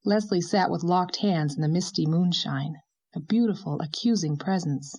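A woman reading a classic novel aloud in a measured, gently expressive narration. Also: fairly low pitch, slightly rough. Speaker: audiobook narrator. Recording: dull lo-fi recording.

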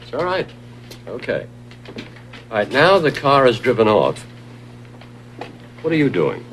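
An actor playing a male hypnotist who guides a police sergeant through his memory with measured questions. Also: medium pitch, wildly swooping pitch, a bit bright, slight background noise, exaggerated voice. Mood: coaxing. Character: male hypnotist guiding a cop's memory, calm and probing.

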